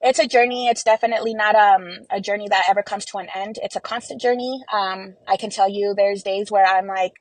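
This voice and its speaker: A woman's voice: medium pitch, steady tone, a little fast, hardly any pauses, dry recording, low-quality recording. A woman speaking as an interview guest in a casual, emotional way, with many "like" and "you know" fillers.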